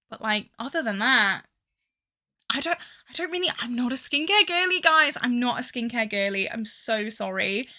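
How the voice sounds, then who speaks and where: A woman's voice: fairly high pitch, pushed and bright. A young woman with a Midlands accent and a touch of Scouse, chatting casually through a beauty product review, indecisive and full of fillers. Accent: English Midlands with a hint of Scouse. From England. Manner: chatty and indecisive, with many fillers and dramatic sighs over choices. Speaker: beauty vlogger.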